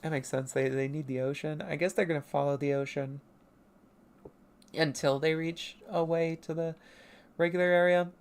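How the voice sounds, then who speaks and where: A woman streamer casually talking through her own comic pages in a self-mocking, giggly, rambling way. Her voice sits low. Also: fairly even intonation, normal speed, a little mellow, clear, resonant tone. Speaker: artist streaming.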